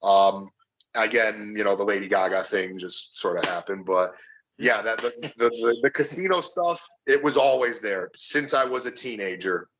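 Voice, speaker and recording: Man, interview guest, earnest, casual chat, tense bright tone. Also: fairly low pitch, normal speed, poor audio. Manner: earnest, repeats words as he gathers thoughts. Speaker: interview guest, local wrestler.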